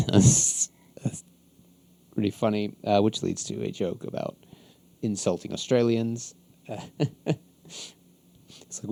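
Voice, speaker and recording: A man's voice: fairly low pitch, steady tone, slow, creaky, long pauses, dark tone. A man hosting a podcast, recapping an episode in a casual, rambling way with many ums and frequent chuckles. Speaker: podcast host.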